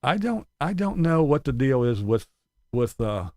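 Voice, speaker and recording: A man's voice: mid-range voice, big pitch swings, a little slow, a little mellow, no room sound, clean studio sound. A man ranting in profane, sarcastic commentary, laughing between his jabs. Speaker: commentary channel host.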